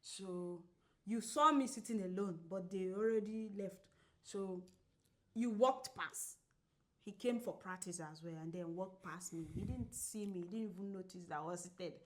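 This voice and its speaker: A woman co-hosting a podcast who tells a story in casual chat, acting out the quoted lines and laughing often. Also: normal speed. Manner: animated, acts out quoted dialogue with big pitch jumps; laughs often while telling. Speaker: podcast co-host.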